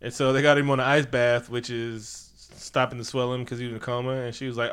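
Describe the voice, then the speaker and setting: A man's voice: medium pitch, level tone, quick pace, fairly bright tone, smooth. A man in casual chat, retelling a movie with lots of laughter and acting out characters' lines in funny voices.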